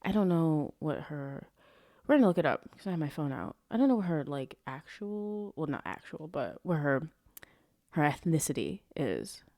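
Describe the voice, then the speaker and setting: Animated, rambling young woman podcaster. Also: low-pitched, normal speed, dry recording, studio quality. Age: young adult. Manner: rambling, profane, easily sidetracked. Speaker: podcast host. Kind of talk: casual solo podcast chat. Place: at home, street traffic nearby.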